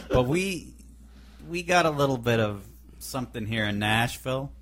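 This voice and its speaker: A man's voice: medium pitch, animated, normal speed, background noise. A man co-hosting a radio show, chatting and laughing in casual banter. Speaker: radio co-host.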